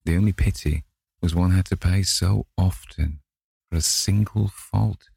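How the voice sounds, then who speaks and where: A man narrating a classic novel in a measured way, lightly voicing the characters. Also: low-pitched, gravelly, breathy edge, no room sound, studio quality. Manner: measured reading, gently voices each character. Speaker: audiobook narrator.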